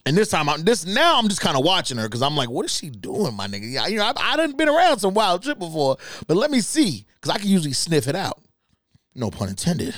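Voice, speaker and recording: A man hosting a podcast alone, telling stories in casual, profane, animated talk with laughs. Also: high voice, fast talker, dry recording, clean studio sound. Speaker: podcast host. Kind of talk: casual solo storytelling.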